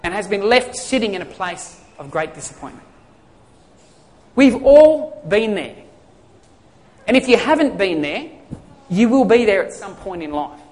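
A man's voice: high-pitched, sing-song, a little slow, long pauses, darkish tone. A male pastor preaching a sermon in a conversational way, asking the congregation questions and answering them himself. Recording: long hall reverb.

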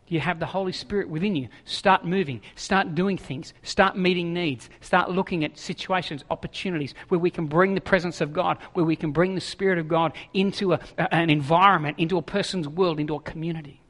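A man preaching a sermon in a lively, jokey way, acting out voices as he goes. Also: sits high, brisk, in a large hall. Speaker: pastor.

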